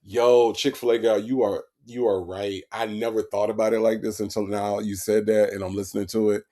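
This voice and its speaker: A man's voice: lowish voice, flat delivery, a little fast, warm tone. A man hosting a comedic stream, mocking a phone call in disbelief and reading viewer comments aloud. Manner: incredulous, mocking, repeats lines for effect; reads out viewer chat comments. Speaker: host reacting to a jail call.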